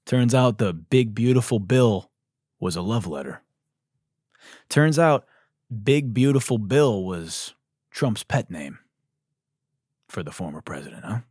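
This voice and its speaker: A male comedy podcast host riffs through a mocking satirical rant. His low voice swings widely in pitch. The sound is dry and close. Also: big pitch swings, unhurried, long pauses, no room sound. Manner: ranting, mocking, shouts and laughs.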